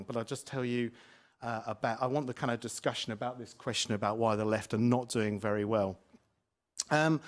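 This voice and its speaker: A man from England, a politics lecturer, giving a hesitant, self-deprecating talk on a panel, full of ums and uhs. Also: mid-range voice. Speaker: author and lecturer. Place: public debate hall.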